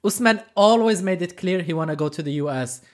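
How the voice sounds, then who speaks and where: A man's voice: sits high, animated, brisk. Snarky man reacting to reality TV. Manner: snarky, joking asides, laughs often. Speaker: reaction channel host. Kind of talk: casual reaction commentary.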